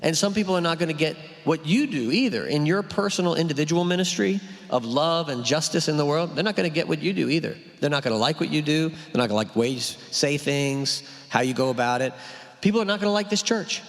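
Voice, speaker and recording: A man's voice: fairly high pitch, animated, quick pace. A male pastor, talking through a sermon in a conversational way, full of rhetorical questions and "right?". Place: church hall. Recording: long hall reverb.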